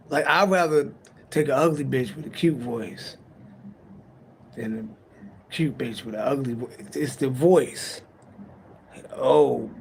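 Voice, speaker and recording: A man's voice: mid-range voice, a little mellow, slight background noise. A man giving a late-night tarot reading on a livestream, talking in a loose, profane, rambling and joking way. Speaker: tarot reader on a live stream. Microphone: livestream mic.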